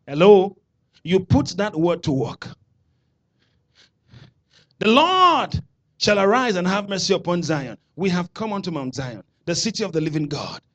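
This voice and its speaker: A man with a Nigerian accent preaching a sermon, calling out to the congregation and building to shouted declarations. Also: high voice. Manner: preaching with call-and-response, rising to shouts. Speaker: pastor.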